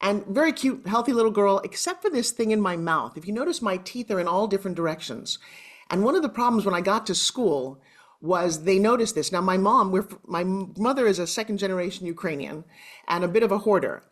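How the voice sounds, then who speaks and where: A woman's voice: medium pitch, fairly quick. A woman in her sixties with a Long Island New York accent, a guest on a video call, telling personal stories in an emotional, chatty way. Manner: emotional, chatty, animated storyteller. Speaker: interview guest. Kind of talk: candid personal storytelling.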